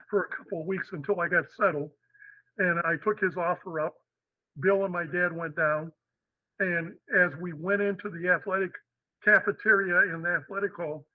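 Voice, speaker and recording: A man's voice: high voice, dry recording. Older man telling stories over the phone. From western Pennsylvania. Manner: animated, acts out the people in his stories. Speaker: guest. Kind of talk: storytelling interview. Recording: dry tinny phone-like line.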